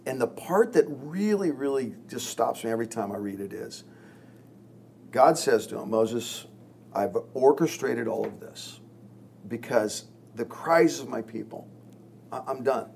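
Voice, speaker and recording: A male pastor in a podcast chat, his voice gravelly with a bit of vocal fry. He tells stories earnestly and drops his voice to act out quoted lines. A faint hum sits behind him. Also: medium pitch, lively intonation, unhurried, darkish tone. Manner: earnest, storytelling, acts out quoted lines with dropping voice. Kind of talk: podcast discussion among pastors.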